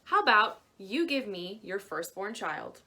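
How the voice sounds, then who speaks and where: A woman voicing a tiny, mysterious man in a fairy tale who bargains in a high, sly voice. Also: sing-song, unhurried, bright, forceful tone, heavily acted. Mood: sly, coaxing. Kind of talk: storybook reading.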